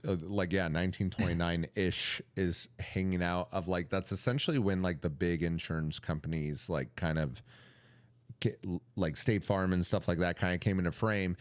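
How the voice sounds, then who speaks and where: A man's voice: moderate pace, clean tone, no echo. A man co-hosting a podcast in casual chat, telling stories and acting out quotes in a raised voice. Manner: animated storyteller, acts out quotes in a high voice. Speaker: podcast co-host.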